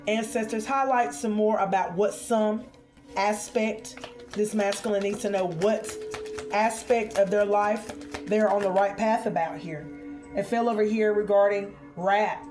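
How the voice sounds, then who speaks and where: Expressive woman giving a spiritual card reading. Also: medium pitch, faint music behind. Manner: expressive, drawn-out exclamations, addresses viewers as honey and y'all.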